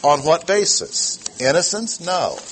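A man teaching a sermon verse by verse, slow and deliberate, repeating his key words. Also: fairly high pitch, lively intonation, slight background noise. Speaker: preacher. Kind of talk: expository Bible teaching.

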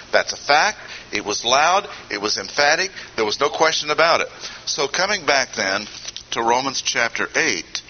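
Male Bible teacher, measured and emphatic, very bright tone, muffled old tape feel. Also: mid-range voice, big pitch swings. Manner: deliberate, emphatic, pausing often. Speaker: preacher. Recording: dull lo-fi recording with faint hiss.

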